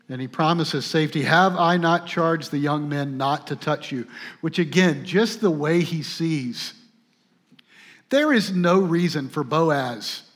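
A man preaching a sermon in a somewhat high voice. He talks like a conversation, full of asides and restarts, and moves between pressing, emphatic points and quiet, tender stretches. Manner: swings from emphatic to soft and tender. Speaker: pastor.

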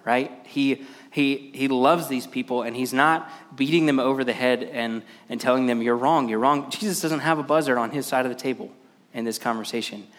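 A man's voice: medium pitch, moderate pace, fairly bright tone. A man in his thirties preaching a sermon as pastor, speaking with frequent "uh" fillers and restarts. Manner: hesitant, many "uh" fillers and restarts. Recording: long reverb of a large hall.

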